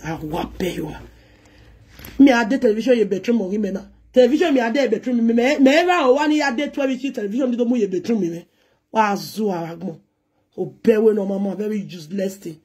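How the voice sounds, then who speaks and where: A Nigerian woman presenter with a husky, breathy voice rants straight to her viewers. She scolds and throws insults in Pidgin English, then drops into chanted lines. Her pitch sits in an ordinary middle range. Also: a little fast, dark tone. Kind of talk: ranting monologue.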